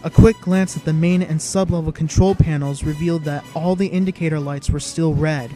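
A man's voice: a little high, steady tone, brisk, dark tone, soft background music. A man giving dramatic, vivid scripted narration of an audiobook.

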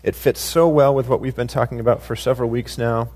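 A man leading a church service as its pastor, introducing a guest speaker in a relaxed way with frequent fillers. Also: medium pitch, quick pace.

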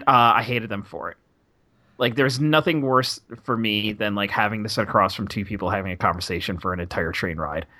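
A man's voice: lowish voice, pushed and bright, no room sound. A man guest on a podcast, telling a self-deprecating anecdote in casual chat and acting out the people in it. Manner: self-deprecating storyteller, acts out voices in anecdotes.

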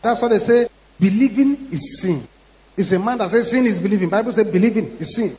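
Give me a Ghanaian man preaching with dramatic, shouting delivery, reverb all around. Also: sits high, fairly quick. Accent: Ghanaian English. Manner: dramatic storytelling, acts out quoted voices, rising to shouts. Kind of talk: sermon. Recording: long hall reverb.

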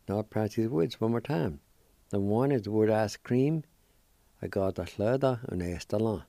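Slow, gravelly man teaching pronunciation. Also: on the low side, mellow, no echo. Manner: spells and sounds out words slowly, syllable by syllable. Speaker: language teacher and radio host.

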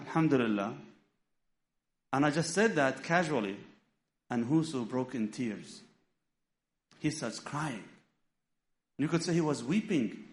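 A middle-aged man whose first language is Arabic, giving a storytelling sermon, acting out dialogue and weaving in Arabic phrases. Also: medium pitch. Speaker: imam giving a talk.

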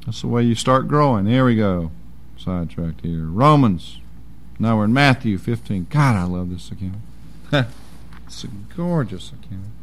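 A man's voice: on the low side, animated, normal speed. A man preaching a sermon in a folksy, emphatic way.

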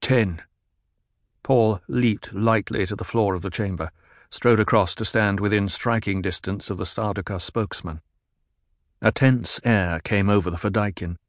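A man narrates an audiobook with a measured, dramatic reading. His voice sits on the low side, and the recording is dry and close, without room reflections. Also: fairly even intonation, no echo.

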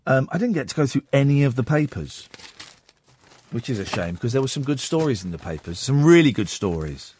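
A male radio host with a croaky voice, talking casually in a rambling, sardonic, ranting way into a studio microphone. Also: medium pitch, very animated, a little fast, darkish tone. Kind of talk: casual late-night radio talk.

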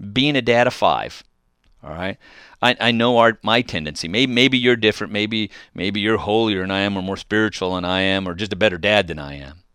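A man's voice: on the low side, fairly bright tone, smooth, no room sound, clean studio sound. A middle-aged man hosting a call-in radio show on faith, talking earnestly and exhorting listeners, often restarting his phrases.

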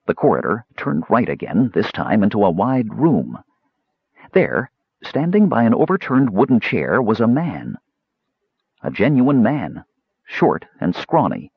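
A man reading a fantasy novel aloud in measured scripted narration, in a dull lo-fi audiobook recording. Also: on the low side, husky, dry recording.

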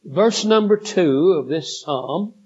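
Man preaching a sermon, high-ish husky voice, muffled old recording. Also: lively intonation, a little mellow. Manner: slow, deliberate delivery, rising in intensity. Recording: dull lo-fi recording.

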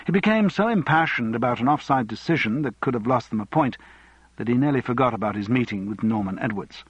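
A man narrating an audiobook novel in a measured, even way. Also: mid-range voice, slightly rough, no room sound, highs cut off.

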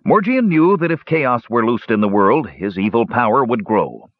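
A man reading a fantasy audiobook aloud in an expressive storytelling manner. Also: mid-range voice, normal speed, dry recording, muffled recording. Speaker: audiobook narrator. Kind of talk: audiobook narration.

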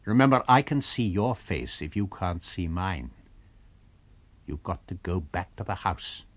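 A man's voice: sits low, expressive, a little slow, no room sound. A man reading an unseen invisible man who speaks in cold, firm threats. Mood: grim.

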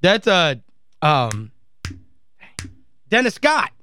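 A man's voice: sits high, wildly swooping pitch, extremely slow, sharp tone. A man hosting sports talk radio, gleeful and mocking as he plays clips. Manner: gleeful, mocking, laughs often.

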